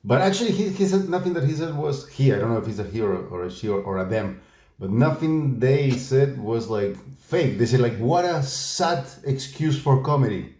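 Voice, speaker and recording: A man's voice: mid-range voice, expressive, a little fast, dark tone, echoey room. A man hosting a comedy podcast with an upbeat, game-show-style delivery, chatting casually with his co-hosts. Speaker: podcast host.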